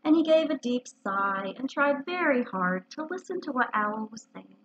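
A woman librarian reading a children's storybook aloud in an expressive, animated way, on a dull lo-fi recording. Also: on the high side, moderate pace, slight background noise.

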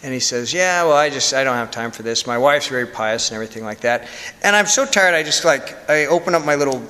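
A priest telling a story in a candid, conversational sermon with self-deprecating humor. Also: male voice, medium pitch, expressive, fast talker, bright, forceful tone. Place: church. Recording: long church reverb.

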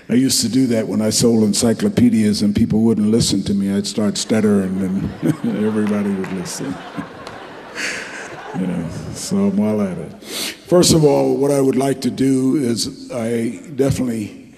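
A man's voice: on the low side, steady tone, normal speed, warm tone. An older man from New Jersey giving a folksy, rambling, joking acceptance speech at an awards ceremony in a large hall. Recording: echoey hall.

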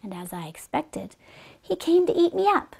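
A woman voicing a sly, cunning male fox in a children's storybook fable, talking in a persuasive, sometimes hushed way. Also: sits high, very animated, moderate pace, creaky, voice pushed up, full character voice.

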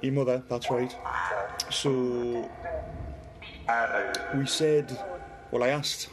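Middle-aged Geordie man, mid-pitch, chatty livestream host; clear static hiss under the voice. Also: flat delivery, very slow, pauses often. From Newcastle, northeast England. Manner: chatty, reads viewer comments aloud, talks to a spirit box. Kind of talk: casual livestream chat.

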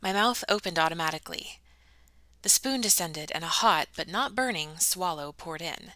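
A woman's voice: lowish voice, lively intonation, normal speed, bright, forceful tone, no room sound. A woman reading a novel aloud, with casual, self-deprecating asides between chapters. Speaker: audiobook reader.

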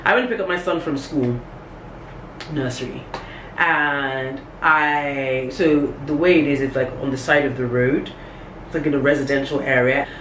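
A young woman telling a casual story on camera, acting out every quote with big jumps in her voice. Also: moderate pace. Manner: animated, acts out quotes with big pitch jumps. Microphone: camera on a tripod. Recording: echoey room with faint background hum.

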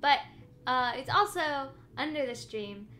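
A woman's voice: sits high, expressive, a little slow, sharp tone, slight background noise. A woman co-hosting a live stream, chatting casually and breaking her sentences with fillers. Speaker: co-host streamer.

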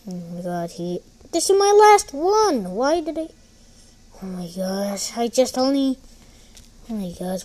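A woman giving excitable, giggly commentary while playing a game. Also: medium pitch, measured pace. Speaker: gamer. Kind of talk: gameplay commentary.

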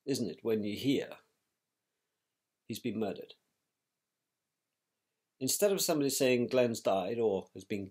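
A middle-aged man, recalling a painful family event in a measured, reflective way with pauses and restarts. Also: mid-range voice, gravelly, darkish tone. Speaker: interviewee, victim's brother. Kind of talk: personal recollection.

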